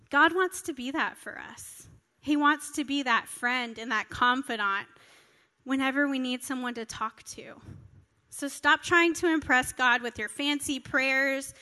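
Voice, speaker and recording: A woman's voice: high voice, sharp tone. A woman in her thirties giving an earnest, conversational sermon at a family church service. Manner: earnest, conversational, acts out quoted prayers. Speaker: pastor. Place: church hall. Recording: reverberant hall.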